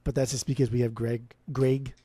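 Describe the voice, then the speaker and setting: A man's voice: medium pitch, flat delivery, moderate pace, warm tone, slightly rough. A man co-hosting a podcast, giving laid-back, profane opinions on albums in casual chat. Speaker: podcast co-host. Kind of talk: casual music review chat.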